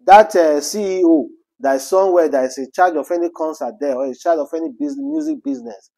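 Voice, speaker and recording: A man's voice: on the high side, sing-song, a little fast, creaky, mellow. A man with a Nigerian accent giving casual commentary on celebrity news. He speaks with passion, repeats rhetorical questions and slips into Pidgin.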